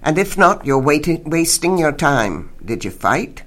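A woman voicing a gruff older widower. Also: low-pitched, sing-song, a little slow, full character voice. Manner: gruff, blunt.

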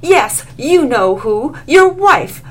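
A woman voicing a shrill, indignant young female vampire who shrieks in offense, in a read-aloud story. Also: sing-song, takes it slowly, heavily acted.

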